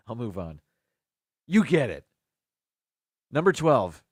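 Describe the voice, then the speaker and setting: A man's voice: medium pitch, big pitch swings, slow, pauses often, no room sound, studio quality. A man hosting a casual live stream by himself, chatting as he thinks aloud. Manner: chatty, muses aloud about word pronunciations.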